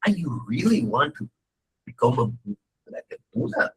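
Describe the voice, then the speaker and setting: A man playing a gruff, blunt old male spiritual master who speaks impatiently and brusquely. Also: mid-range voice, sing-song, moderate pace, poor audio.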